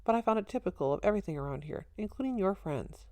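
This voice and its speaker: A woman's voice: mid-range voice, lively intonation, fast, dark tone, no echo, lightly acted. A woman reading the part of a cocky young man, slangy and wisecracking. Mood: sniffy. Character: brash cocky young man, show-off party guest.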